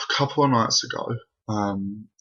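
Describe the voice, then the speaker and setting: Young guy with a gravelly husky voice telling a creepy story, flat low tone, dull lo-fi sound. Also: a little slow. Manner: breathless, rambling, full of fillers. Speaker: vlogger. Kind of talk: casual storytelling to camera. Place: bedroom at home. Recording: dull lo-fi home recording.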